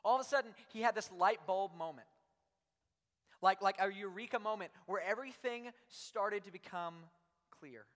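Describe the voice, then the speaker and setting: A man's voice: high-pitched, normal speed, fairly bright tone. A young adult man preaching a sermon to a youth audience in a large room, talking conversationally and animatedly with lots of "like" fillers. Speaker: youth pastor. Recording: long hall reverb.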